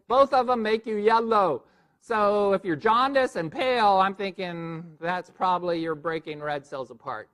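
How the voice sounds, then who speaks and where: A man lecturing a board review class in a lively, joking way, quizzing his listeners as he goes. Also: high-pitched.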